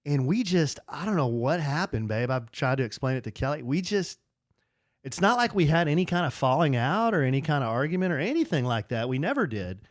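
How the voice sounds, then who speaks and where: A man's voice: on the high side, brisk, no echo. Give me a middle-aged man co-hosting a podcast, telling a rambling personal story in a dry, close recording. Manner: rambling, restarts with fillers, animated when quoting friends. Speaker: podcast co-host. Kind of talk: casual storytelling chat.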